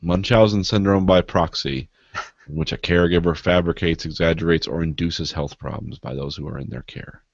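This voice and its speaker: A man co-hosting a podcast in casual banter, deadpan and self-mocking, laughing at his own jokes. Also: sits low, normal speed, creaky, dry recording, muffled recording. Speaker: podcast co-host.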